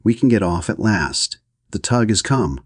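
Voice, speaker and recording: A man doing a shrill, flustered society hostess. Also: animated, normal speed, no room sound, clean studio sound. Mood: fretful. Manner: shrill and fretful. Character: fussy, flustered society hostess, middle-aged woman.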